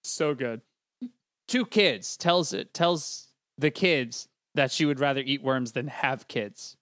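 A man's voice: mid-range voice, slow, a bit bright, dry recording, clean studio sound. A man co-hosting a casual movie review podcast, chatty and full of "you know". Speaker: podcast co-host.

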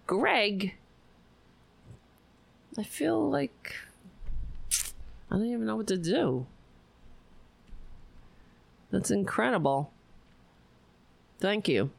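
A woman's voice: mid-range voice, extremely slow, vocal fry, pauses often. A woman hosting a live stream, giving casual political commentary with a lot of swearing and sarcasm. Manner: profane, animated, sarcastic.

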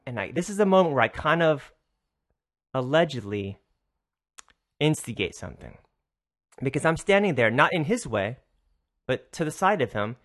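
Young podcast guy ranting thru a story, cusses a ton, acts out the quotes, voice jumps around. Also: mid-range voice. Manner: animated, swears a lot, acts out quotes. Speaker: podcast host. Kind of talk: casual storytelling.

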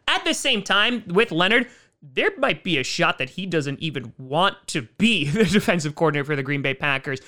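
A man's voice: on the high side, sharp tone. A man hosting casual fan commentary on football, chatty and opinionated. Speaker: sports commentary host.

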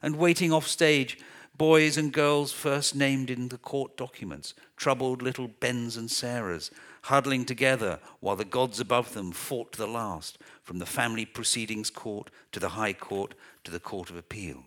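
A man narrating a literary novel as an audiobook in a measured, deliberate reading. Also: mid-range voice, fairly even intonation, fairly bright tone.

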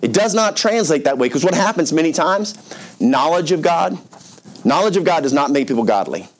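A man's voice: on the high side, expressive, normal speed. Conversational, emphatic male pastor. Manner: conversational and emphatic, with asides like "man" and "okay". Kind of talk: storytelling sermon.

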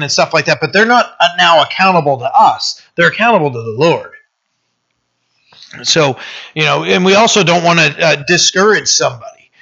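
A male pastor gives a casual, conversational Bible teaching sermon and keeps checking in with his listeners. His voice is fairly high, bright and forceful. The recording is dull and lo-fi. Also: animated, a little fast. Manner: conversational, often checks in with "right?" and "you know".

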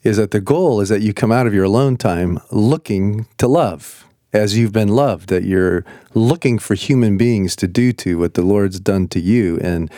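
A male podcast host with a low, mellow voice leads a relaxed interview. He keeps the conversation going with encouraging prompts. The recording is close and dry. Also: normal speed, hardly any pauses, no echo. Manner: encouraging, often checks in with the guest. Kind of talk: casual interview.

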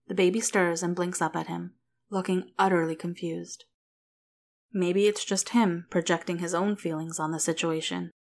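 A woman narrating a story aloud in a calm, even manner. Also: fairly low pitch, normal speed, creaky. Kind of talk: reading fan fiction aloud.

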